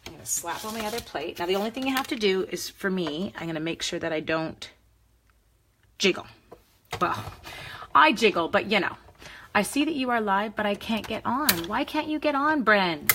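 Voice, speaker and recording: A woman's voice: medium pitch, animated, normal speed, long pauses, a bit bright, a little hiss or hum. A woman hosting a live card-making demo, chatting with viewers by name as she works. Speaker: crafting demonstrator.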